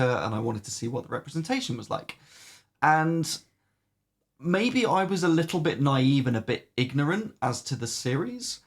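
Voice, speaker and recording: A man's voice: mid-range voice, creaky. A man co-hosting a podcast, casually reviewing games with lots of ums and the odd swear. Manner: rambling, many "um"s, swears casually. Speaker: podcast co-host. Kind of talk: casual game review chat.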